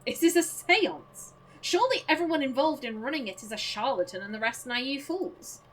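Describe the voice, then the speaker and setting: A woman's voice: high-pitched, expressive, moderate pace, a little hiss or hum. A woman reading a skeptical young male investigator's dialogue in her own plain voice, blunt and doubting. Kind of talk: reading game dialogue aloud.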